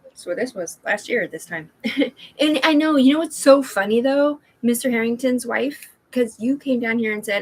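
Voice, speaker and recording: A woman's voice: on the high side, normal speed, husky, rough recording. A woman rambling to her viewers from home, drifting between topics with plenty of fillers and restarts. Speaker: vlogger talking to viewers. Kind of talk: rambling livestream chat.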